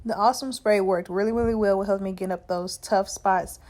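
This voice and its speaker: A woman talking casually through a cleaning vlog in a relaxed, chatty way with many fillers. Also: medium pitch, fairly quick. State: out of breath. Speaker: vlogger. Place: outdoors by a car. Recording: music playing in the background.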